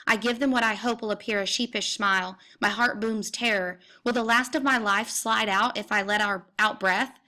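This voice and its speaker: A woman reads a literary novel aloud in the first person with intense, dramatic delivery. Her voice is bright and forward, and she sometimes sinks into hushed tones. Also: medium pitch, fairly even intonation, normal speed, hardly any pauses. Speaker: audiobook reader.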